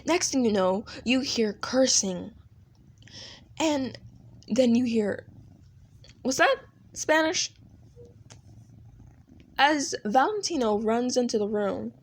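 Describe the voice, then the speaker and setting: A woman's voice: fairly high pitch, darkish tone. A woman narrating a second-person fan audio story in a plain storytelling manner.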